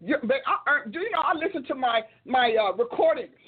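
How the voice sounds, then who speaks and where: An older woman preaches in an emphatic, repetitive cadence, her fairly high voice husky at the edges. The sound is tinny and narrow, like a phone line. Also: animated, a little fast. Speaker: minister and show host. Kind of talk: sermon-like talk.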